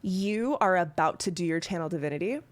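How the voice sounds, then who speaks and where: A woman running a tabletop game as dungeon master, lively and chatty, breaking into laughs. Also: lowish voice, a little fast.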